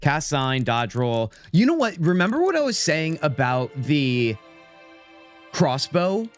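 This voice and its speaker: Chatty American man with a lively voice. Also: a little high, takes it slowly, faint music behind. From United States. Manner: rambling, chatty, reads menus aloud. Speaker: streamer. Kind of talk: casual gameplay commentary.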